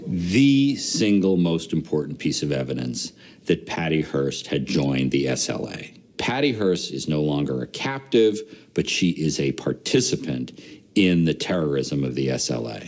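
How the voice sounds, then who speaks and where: Man with an extremely deep voice, firm documentary commentator. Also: very animated, normal speed, darkish tone.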